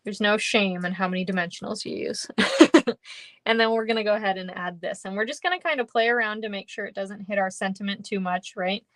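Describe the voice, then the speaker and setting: A woman's voice: medium pitch, a little fast, fairly bright tone, no echo. A woman running a live card-making tutorial, chatty and upbeat, thanking viewers by name as she works. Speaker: papercraft demonstrator. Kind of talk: live-stream craft tutorial.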